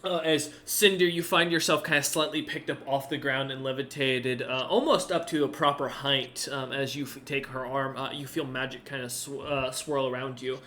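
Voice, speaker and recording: A man's voice: medium pitch, steady tone, moderate pace, few pauses, pushed and bright, slight background noise. A man narrating a tabletop game as game master, rambling with many fillers.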